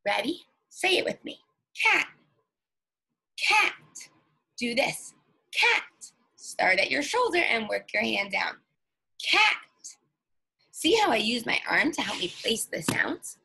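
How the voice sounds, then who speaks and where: A woman teacher leading an early-reading lesson for young children, slow and patient, stretching out each sound. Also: on the high side, big pitch swings, gravelly, sharp tone.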